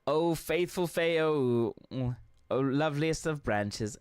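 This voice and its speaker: A woman's voice: low voice, animated, takes it slowly, darkish tone, clean tone, no room sound. A woman voicing a doting, flowery fairy queen. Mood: teasing. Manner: archaic, flowery, theatrical reading. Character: doting, teasing female fairy queen, ancient and playful. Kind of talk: reading game dialogue aloud.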